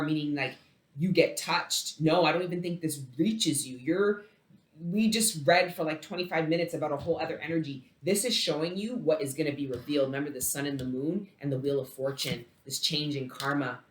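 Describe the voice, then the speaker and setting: A woman giving a casual tarot reading, emphatic and swearing freely, with big swings between loud outbursts and low murmurs. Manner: emphatic, heavy swearing, dramatic swings in loudness. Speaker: tarot reader. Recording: roomy echo.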